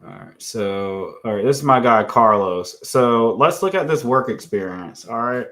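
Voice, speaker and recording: Blunt, bright-voiced man hosting a live stream. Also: medium pitch, animated, moderate pace. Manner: blunt and unfiltered, talks while clicking around; often tags lines with okay, guys, right. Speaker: real estate investor hosting a live stream. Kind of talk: casual live-stream teaching.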